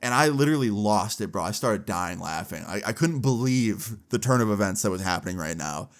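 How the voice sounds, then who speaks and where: A man's voice: fairly low pitch, animated, brisk. A young man vlogger casually telling a story time in a slangy, swearing way.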